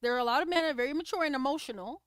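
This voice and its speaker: A woman's voice: high voice, very fast, a bit bright, no echo, studio quality. A woman hosting a casual livestream, giving opinionated commentary on clips and reacting to viewer comments. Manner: opinionated, talks back to chat comments.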